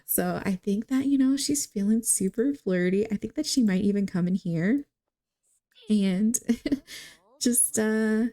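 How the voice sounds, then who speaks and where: A woman's voice: medium pitch, animated, a little slow, long pauses, dark tone. A young woman giving chatty, giggly gameplay commentary, talking straight to her viewers. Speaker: gaming video creator.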